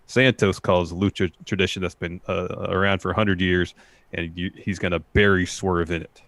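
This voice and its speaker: A man's voice: deep voice, level tone, normal speed, fairly bright tone, no echo. A man co-hosting a wrestling podcast, recapping segments and paraphrasing what was said, with many "uh"s. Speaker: podcast co-host.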